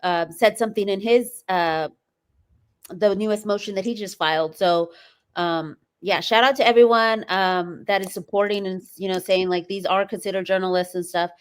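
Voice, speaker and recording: A woman's voice: medium pitch, steady tone, normal speed, smooth. A woman co-hosting a casual livestream, chatty and addressing viewers as y'all while reading filings aloud. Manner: chatty, says y'all, reads letters aloud.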